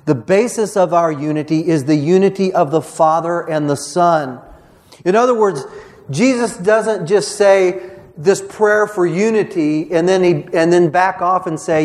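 A male pastor delivering a sermon in a fairly high voice. He talks in a conversational, earnest way, often restarting his phrases. He acts out quoted lines as he goes. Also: a little slow, a little mellow.

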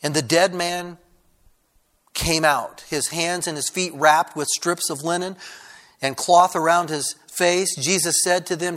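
A man preaching a sermon to a congregation, with frequent restarts that build to loud, fervent passages. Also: on the high side, fairly even intonation, measured pace. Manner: preaching with many restarts, rising to loud fervor. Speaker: pastor.

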